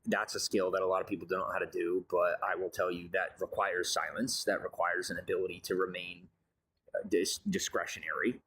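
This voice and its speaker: A man's voice: low voice, little pitch movement, a little fast, fairly bright tone, slight background noise. A man giving a grandiose, meandering monologue about his life and advice. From raised on a farm. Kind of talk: rambling monologue.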